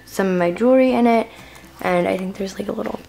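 A woman's voice: medium pitch, fast talker, vocal fry, mellow. A teenage girl giving a rambling, filler-heavy room-tour vlog to a handheld camera in her bedroom. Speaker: vlogger.

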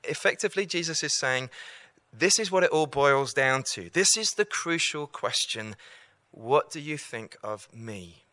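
A man's voice: fairly high pitch, expressive, measured pace, sharp tone, dry recording, clean studio sound. A man giving an evangelistic talk to students, earnest and repeating key lines for emphasis. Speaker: campus preacher.

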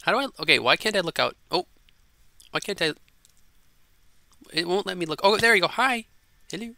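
A man hosting a gaming channel, chatting casually and excitably over gameplay and repeating himself in a silly way. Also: high-pitched, fairly quick, vocal fry, dry recording.

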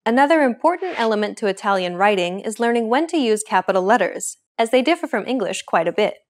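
Woman explaining a language lesson clearly. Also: mid-range voice, expressive, fast talker. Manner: clear, explanatory teaching delivery.

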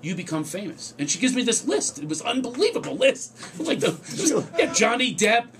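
A man's voice: high-pitched, very animated, a little fast, fairly bright tone, slight background noise. A male comedian telling funny stories in casual radio chat, acting out quotes in raised voices. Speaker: comedian guest.

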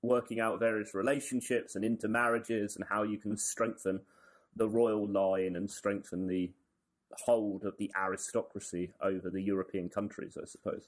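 A man with a lowish voice co-hosts a history podcast. He tells the story in a relaxed way and drops dry jokes as he goes. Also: normal speed. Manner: wry, joking asides. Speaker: podcast co-host. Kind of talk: casual history chat.

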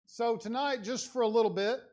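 High-voiced man preaching a sermon. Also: fairly quick, darkish tone. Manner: earnest, conversational preaching with rising emphatic passages. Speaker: lay preacher. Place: church sanctuary.

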